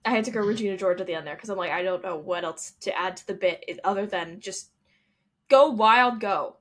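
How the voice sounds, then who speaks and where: A woman's voice: lowish voice, fairly even intonation, fast. A young adult woman co-hosting a casual sports podcast, joking and ranting with frequent laughter. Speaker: podcast co-host.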